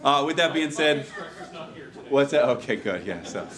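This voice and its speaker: A man's voice: mid-range voice, expressive, normal speed, crowd noise. A man, a fire lieutenant, giving an informal speech at a ceremony, candid and joking, with many fillers. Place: hall at a ceremony before an audience.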